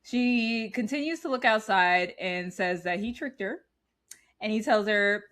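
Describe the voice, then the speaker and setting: A woman's voice: medium pitch, a little slow, a bit bright. A woman in her thirties hosts a casual podcast chat. She retells scenes with animation and laughs often, keeping the tone loose and conversational. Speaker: podcast co-host. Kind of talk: casual movie recap chat.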